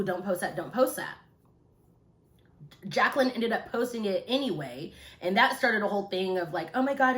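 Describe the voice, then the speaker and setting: A woman's voice: medium pitch, roomy sound. A woman hosting her own channel, chatting casually and rambling with many fillers, recorded on a phone. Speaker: YouTube commentary host. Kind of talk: casual chit-chat commentary.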